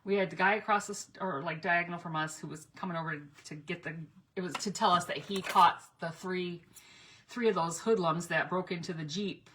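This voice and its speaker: A woman's voice: lowish voice, fairly even intonation, fairly quick, fairly bright tone, slight background noise. A middle-aged woman rambling through stories in a casual craft vlog, chatty and laughing between asides.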